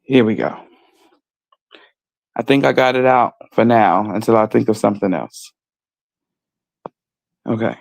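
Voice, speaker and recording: A man's voice: fairly low pitch, unhurried, gravelly, long pauses, a little mellow, no echo. A man co-hosting a casual gossip stream, blunt and joking, reading viewer comments and talking in street slang. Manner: reads viewer comments aloud. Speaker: podcast co-host.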